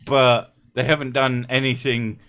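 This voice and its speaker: A man's voice: medium pitch, little pitch movement, a bit bright, clear, resonant tone. A man hosting a casual comedic livestream, cracking jokes and swearing freely. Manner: joking, swears freely, quick asides. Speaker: streamer host.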